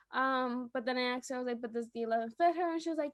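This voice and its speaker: Young female podcast co-host, high voice, animated storyteller, dry close sound. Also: rapid-fire, few pauses, no room sound. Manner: animated storytelling, acting out quotes with laughs. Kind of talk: casual chat.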